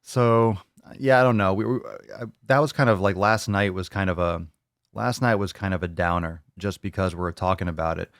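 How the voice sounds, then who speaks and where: A man hosting a casual livestream podcast, joking and swearing loudly with hype-style bravado. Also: low voice, normal speed, clean tone, no echo, clean studio sound. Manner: brash, joking, profane hype talk. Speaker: podcast host.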